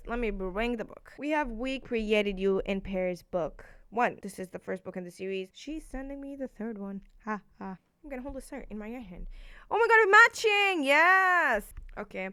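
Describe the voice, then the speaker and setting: A woman's voice: medium pitch, no echo. Chatty woman rambling about books. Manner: chatty and rambling, heavy use of "like"; excitable, jumps between topics. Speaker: book reviewer. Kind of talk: casual book review vlog. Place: indoors at home.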